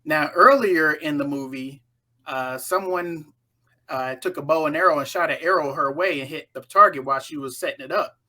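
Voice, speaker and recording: A woman runs through a horror film's plot in a loose, chatty way. She jumps into the characters' voices as she tells it, and her tone is bright and forceful. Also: deep voice, moderate pace. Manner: animated, acts out the characters' lines. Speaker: storyteller recapping a film. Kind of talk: casual spoken film recap.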